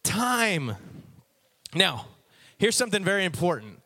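Animated, playful preacher man. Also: sits high, a little slow. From Texas. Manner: animated and playful, talks straight to the crowd. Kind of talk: joking sermon to a live audience.

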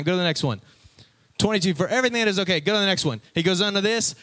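A man preaching a casual, lively sermon from a stage before an audience, talking conversationally and acting out his listeners' reactions. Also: sits high, very fast.

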